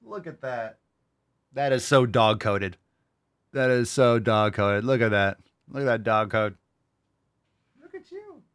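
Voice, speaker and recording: A man's voice: medium pitch, measured pace, clean tone, no echo, studio quality. A man hosting a podcast, playful and teasing, cooing at his dog between bits. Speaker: podcast host. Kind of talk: casual chat.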